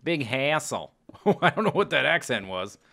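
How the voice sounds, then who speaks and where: A Let's Play host with a medium-pitched voice, a normal speaking speed, and noticeable vocal fry. He keeps up casual, chatty commentary on his own play, animated and often breaking into exclamations and laughter at the game.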